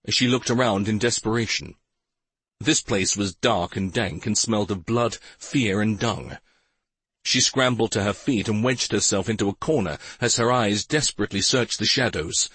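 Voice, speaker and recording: A man narrating an audiobook in an expressive, dramatic storytelling manner, close to the microphone. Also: on the low side, moderate pace, husky, dry recording. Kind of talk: scripted narration. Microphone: close studio mic.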